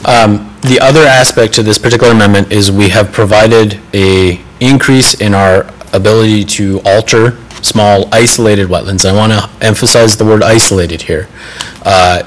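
A man's voice: fairly low pitch, poor audio. A man on city staff presenting a planning amendment to a council, methodical and self-deprecating about errors on his slides.

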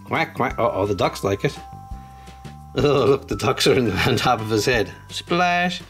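A man's voice: fairly low pitch, moderate pace, vocal fry, faint music behind. A man casually unboxing toys and reading a children's storybook aloud, chatting to young viewers as he goes. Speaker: channel host.

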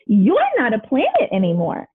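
A woman's voice: on the high side, huge pitch swings, normal speed, slightly rough, narrow, tinny audio, full character voice. A woman voicing a teasing male space rock in a storybook who mocks as he races by. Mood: taunting. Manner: mocking.

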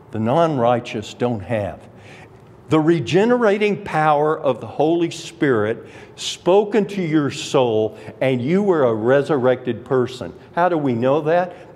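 A man's voice: mid-range voice, sing-song, darkish tone. A man preaches a verse-by-verse sermon, taking his time over each point. His voice swoops up and down expressively as he drives home the emphatic words. The sound carries the long ringing reverb of a church sanctuary. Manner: deliberate expository preaching with emphatic rises. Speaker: Bible teacher.

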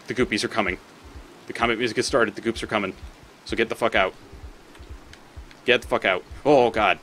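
Low-voiced man cursing at game creatures. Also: fairly bright tone, slight background noise. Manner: swears often, talks back at game creatures. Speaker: let's play host. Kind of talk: casual gameplay commentary.

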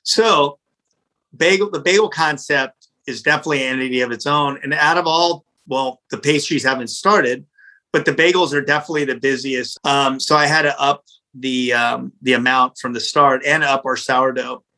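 Blunt, animated man telling a story. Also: medium pitch, moderate pace, poor audio. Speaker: pizza restaurant owner, guest. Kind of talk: casual storytelling interview.

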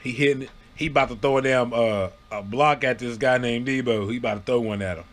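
Guy telling stories off the cuff, lively, yelps when he quotes folks. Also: fast. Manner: animated, acts out quotes with loud high yelps. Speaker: storyteller. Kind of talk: casual storytelling to camera.

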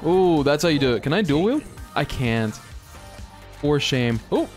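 A young man giving excitable, laugh-filled commentary while playing a shooter game. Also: a little high, unhurried. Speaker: gaming YouTuber. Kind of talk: casual gameplay commentary. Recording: music heard behind. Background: game music and gunfire.

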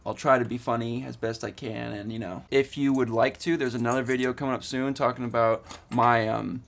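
A man's voice: medium pitch, fairly even intonation, brisk, vocal fry. A man in his twenties vlogging casually, rambling eagerly with lots of fillers and restarts. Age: 20s. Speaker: student vlogger. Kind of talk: casual vlog.

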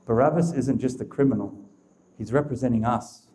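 A man preaches to a live audience. He repeats his points with emphasis and speaks straight to his listeners. His voice is warm and mellow, and his pitch sits in a typical middle range. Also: a little fast. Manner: emphatic, repetitive, addresses the audience directly. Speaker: speaker of a religious talk.

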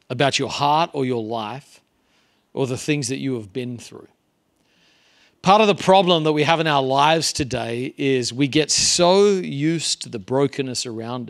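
A man's voice: medium pitch, creaky. A man preaching a sermon as a visiting pastor in a church, earnest and conversational. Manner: earnest, conversational, varying pace and volume. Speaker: guest preacher.

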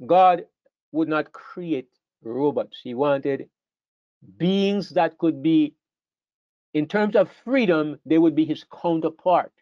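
A man's voice: on the high side, slow pace, dry recording, lo-fi sound. An older man teaches a Bible class in an earnest way, often repeating words as he thinks.

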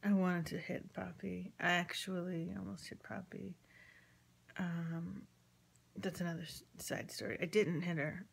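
A woman's voice: fairly low pitch, fairly even intonation, a little slow, vocal fry, a little hiss or hum. A woman casually telling a personal story, rambling with many ums, acting out the conversations she quotes and sometimes dropping to a near-whisper. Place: at home with chickens nearby.

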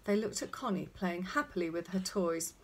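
A woman reading a children's storybook aloud in an expressive, animated way. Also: lowish voice, normal speed, slightly rough. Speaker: narrator.

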